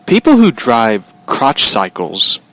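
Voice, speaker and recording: A man's voice: mid-range voice, wildly swooping pitch, slow pace, sharp tone, no echo. A man hosting his show from home, telling a story as a profane, aggravated rant. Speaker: show host. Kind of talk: ranting storytelling.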